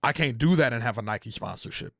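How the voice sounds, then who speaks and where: Young man, content creator, venting hard and cursing, dry close mic, mid pitch. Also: lively intonation, quick pace, creaky, no room sound. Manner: heated, profane, repeats phrases, rising to near shouting. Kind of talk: emotional casual rant.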